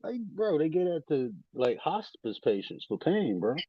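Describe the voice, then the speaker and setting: A man telling a story in casual chat, animated and swearing, voice jumping up when he quotes people. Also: fairly high pitch, normal speed, husky, no echo, narrow, tinny audio.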